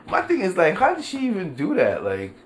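A man's voice: sits high, a little hiss or hum. A man hosting his own podcast, ranting in casual commentary, full of street slang, swearing and frequent laughter. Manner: animated, laughs often, swears freely; New York street slang. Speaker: podcast host.

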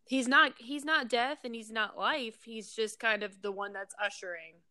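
A young woman chats casually, often stopping to hunt for the right word and poking fun at herself. Her voice is bright and a touch high. The sound is dry and close. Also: normal speed, clean tone, dry recording. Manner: searching for words, self-mocking. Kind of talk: casual chat.

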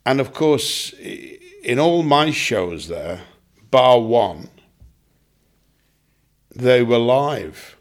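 An older man, a veteran comedian, recalling past colleagues in a relaxed chat and dropping into quick impressions. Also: medium pitch. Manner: anecdotal, slips into quick comic impressions. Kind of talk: reminiscing casual chat.

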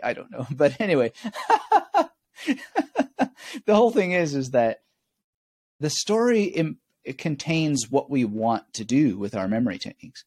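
A man's voice: mid-range voice, animated, moderate pace, long pauses, darkish tone, no echo. A man with a mid-range voice, recorded close and dry, talks as a guest expert. He explains memory techniques through stories, wry and often laughing at himself. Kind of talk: explanatory interview talk.

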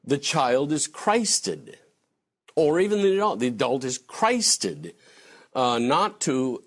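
Male theology lecturer, lively up-and-down pitch, chatty and digressive, slips into acted quotes. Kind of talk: conversational lecture answering a question.

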